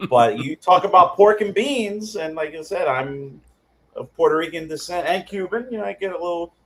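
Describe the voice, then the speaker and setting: A man speaking as the guest in a casual chat, playful and quick to laugh. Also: high-pitched, expressive.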